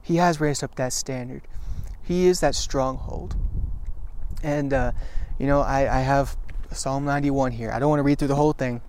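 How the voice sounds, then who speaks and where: A man speaks to camera in an earnest, encouraging devotional talk, his voice sitting at an ordinary middle pitch. He leans on repetition for emphasis and often breaks off to restart his sentences. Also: steady tone, a little mellow, a little hiss or hum. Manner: halting with frequent restarts. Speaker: Christian video teacher.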